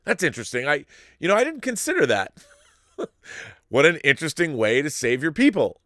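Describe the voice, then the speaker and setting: A man hosting a live-stream show, reading viewer messages and riffing on them in a rambling, animated way with frequent restarts. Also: fairly high pitch, fairly quick, long pauses, no echo, clean studio sound. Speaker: show host reading viewer super chats. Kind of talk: casual live-stream commentary.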